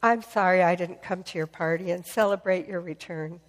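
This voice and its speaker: A woman voicing a remorseful young man who slowly and softly pleads to be forgiven. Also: on the low side, long reverb tail, pitched below the performer's own voice, natural voice. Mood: humble, pleading. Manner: slow, soft, apologetic pleading. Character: remorseful young adult man, humble prodigal son.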